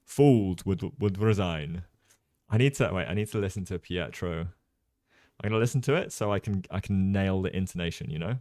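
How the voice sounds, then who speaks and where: Brief: relaxed, low-voiced man hosting a casual chess livestream, lots of ums, dry close sound. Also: quick pace, no room sound. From Jersey. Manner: relaxed, chatty, many ums, reads chat aloud. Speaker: chess streamer and commentator.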